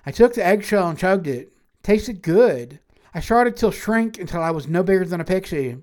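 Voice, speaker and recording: A woman's voice: on the low side, lively intonation, normal speed, warm tone. A woman reading a first-person fantasy story aloud in a wry, matter-of-fact way.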